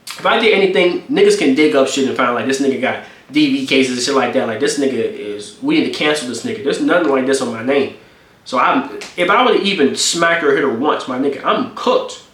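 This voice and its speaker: A man telling a story in a casual, profane and animated way, rambling as he goes. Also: mid-range voice, fairly quick. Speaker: streamer. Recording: echoey room.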